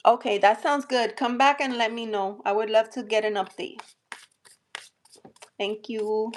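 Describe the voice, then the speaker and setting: A woman from New Jersey with a light accent, talking gently and reassuringly with many fillers while hosting a live tarot stream. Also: on the high side, fairly even intonation, measured pace. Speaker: tarot reader hosting a livestream. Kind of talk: live-stream chat and readings.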